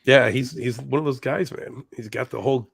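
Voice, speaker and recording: Laughing, swearing wrestling podcast host. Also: male voice, mid-range voice, a little fast, vocal fry, a little hiss or hum. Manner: laughs often, swears casually, restarts sentences. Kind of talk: casual wrestling chat.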